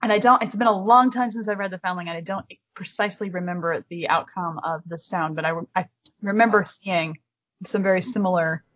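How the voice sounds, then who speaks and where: A woman's voice: fairly low pitch, brisk, fairly bright tone, dry recording, muffled recording. A woman in a casual book discussion, curious and questioning, telling stories loosely.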